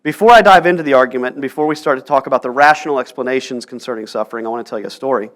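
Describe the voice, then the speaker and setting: A man's voice: mid-range voice, rapid-fire. A male pastor preaching a sermon in church, telling stories earnestly and pressing rhetorical questions. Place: church sanctuary.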